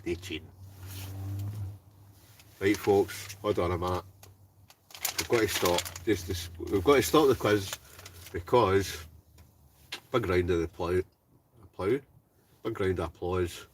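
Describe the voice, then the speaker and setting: A man's voice: deep voice, slow pace, pauses often, recorded from a distance, a little hiss or hum. A Scottish man with an Ayrshire accent, chatty and joking as he hosts a live-stream quiz from inside a tent, talking straight to his viewers. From Scotland. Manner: jokey, chatty, laughs often, talks straight to viewers.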